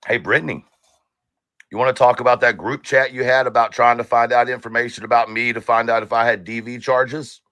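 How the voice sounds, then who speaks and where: A man's voice: medium pitch, flat delivery, fairly quick, fairly bright tone, no echo. A man ranting on a stream, taunting and cursing at a rival. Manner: taunting, profane, confrontational. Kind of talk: angry live-stream rant.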